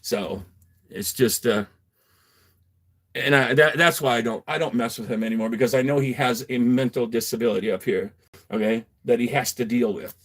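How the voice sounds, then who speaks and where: A man's voice: medium pitch, moderate pace, a bit bright. Man, casual livestream chat, cursing, rambling, frequent laughs, garage setting. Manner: profane, rambling, laughs often, reads chat aloud. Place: home garage.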